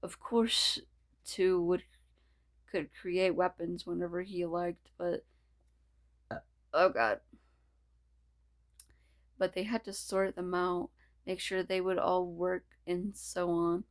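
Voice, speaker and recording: A woman casually reads a fan story aloud in a lowish voice at a slow pace. She trips over words and restarts lines often. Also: level tone. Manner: stumbling, restarting, laughing asides. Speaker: reader. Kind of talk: reading fan fiction aloud.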